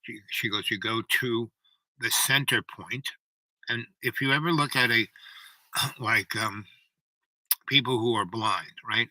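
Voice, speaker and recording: A man's voice: medium pitch, measured pace, long pauses, sharp tone, no room sound, rough recording. A man telling a personal story in a rambling way, full of asides and "you know, right?".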